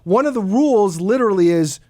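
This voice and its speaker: A man's voice: high-pitched, lively intonation, a little fast, darkish tone, dry recording. A man co-hosting a casual sports podcast, joking and teasing the others. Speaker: podcast co-host.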